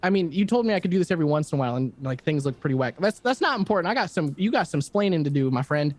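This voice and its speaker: A man voicing a chatty male god in the form of a duck, talking fast and casually in a rambling way during tabletop role-play. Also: on the high side, expressive, close to an everyday voice.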